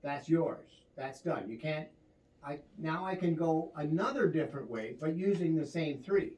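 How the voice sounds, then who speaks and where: A man teaching a one-on-one drum lesson, coaching his student and counting the beats out loud. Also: a little high, normal speed. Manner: coaching, counts beats aloud over the playing. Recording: roomy, distant mic, loud drums behind.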